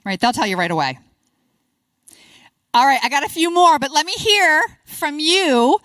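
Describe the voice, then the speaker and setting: A middle-aged woman presenting at a conference workshop, upbeat and encouraging, quick to praise the audience's answers. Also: high-pitched, very animated, fairly bright tone, no echo. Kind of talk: interactive workshop talk.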